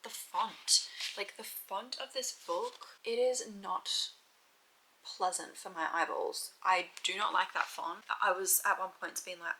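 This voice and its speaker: A woman's voice: on the low side, moderate pace, bright, forceful tone, slight background noise, rough recording. A young woman chatting frankly in a casual reading vlog, full of "like" fillers. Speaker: book vlogger.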